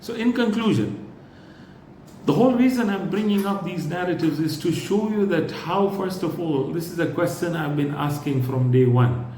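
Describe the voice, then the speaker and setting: A man with a fairly high voice delivers a religious lecture, explaining carefully and often pausing to check that his listeners follow. His voice carries a roomy echo, with faint noise in the background. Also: mellow.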